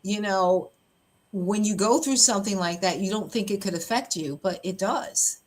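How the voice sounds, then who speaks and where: Speaking at medium pitch and a moderate pace, a woman pastor shares a personal story on her podcast. She's open and animated, frequently laughing and mimicking what other people told her.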